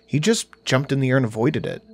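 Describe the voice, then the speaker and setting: A man's voice: mid-range voice, very animated, fast, gravelly, darkish tone, husky, no echo. A man narrating a first-person horror story in a dry, wry storytelling manner.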